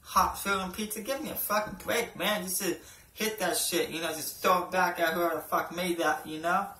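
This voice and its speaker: Young male amateur comic, sharp-toned, swearing, loose and rambling delivery, picked up from a distant camera mic. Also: high-pitched, steady tone, moderate pace, a little hiss or hum. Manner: rambling, peppered with "you know" and "right", swears a lot. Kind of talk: casual stand-up routine. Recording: echoey room, voice from off-mic.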